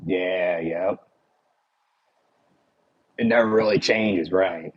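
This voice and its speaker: A man's voice: sits low, very slow, husky, lo-fi sound. A man with a Philadelphia accent chatting casually with his livestream viewers, rambling and full of "like" and "you know".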